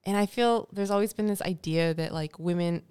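A woman's voice: lowish voice, a little fast, a little mellow, slight background noise. A woman co-hosting a casual podcast chat, speaking frankly and earnestly with some casual swearing. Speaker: podcast co-host.

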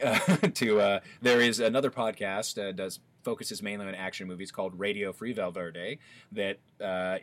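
Bright-voiced man in casual podcast chat. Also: lowish voice, no room sound. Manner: chatty, rambling with many restarts. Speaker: podcast co-host.

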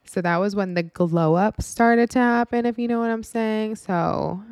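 A woman's voice: mid-range voice, unhurried, a little mellow, dry recording, clean studio sound. A woman in her twenties telling a personal story in a candid, frank, casual way, with some swearing and many "like" fillers.

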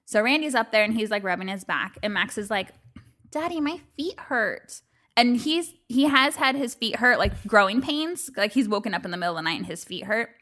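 A woman's voice: mid-range voice, expressive, a little fast, hardly any pauses, pushed and bright. A woman co-hosting a podcast, telling a family story in casual chat, acting out quotes and laughing often. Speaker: podcast co-host.

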